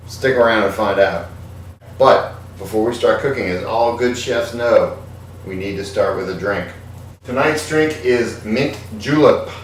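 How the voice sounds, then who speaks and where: A man hosting a comedic home cooking show in his kitchen, with irreverent, deadpan asides. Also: fairly low pitch, heavy reverb, far from the mic, a little hiss or hum.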